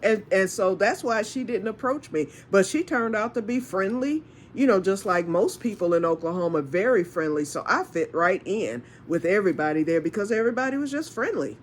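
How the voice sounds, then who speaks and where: A woman's voice: mid-range voice, expressive, brisk, few pauses, slight background noise. Chatty storytelling woman from Michigan. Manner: chatty, rambling, laughs often, acts out dialogue. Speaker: storytelling vlogger. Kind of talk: casual storytime.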